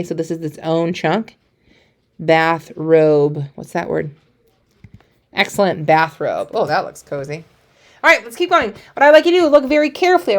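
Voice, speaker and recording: A woman teacher giving a recorded phonics lesson to young children, encouraging and playful, praising often. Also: fairly low pitch.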